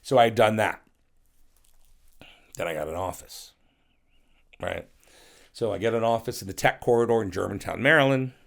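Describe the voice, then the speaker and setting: A man's voice: on the low side, moderate pace, vocal fry, long pauses. A middle-aged man who is a guest on a podcast, telling rambling, profane stories in a casual interview and acting out other people's voices.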